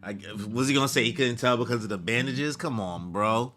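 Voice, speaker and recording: A man's voice: medium pitch, fairly quick, few pauses, a bit bright. A man reading a manga aloud live and reacting with slangy asides, as the regular host of his channel.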